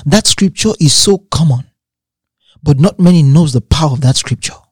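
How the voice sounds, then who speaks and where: Reading scripture aloud and piling up repeated phrases, a man delivers a forceful, animated sermon at a moderate pace. His voice is slightly high for a male, husky and a little mellow. The audio is close and dry, with almost no room sound and no echo.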